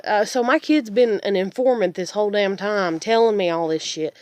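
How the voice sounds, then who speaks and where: A woman's voice: medium pitch, moderate pace, few pauses, a little mellow, dry recording. Furious, swearing woman venting. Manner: swearing, repetitive, exasperated. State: upset and stressed. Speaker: single parent venting. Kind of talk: angry personal rant to camera.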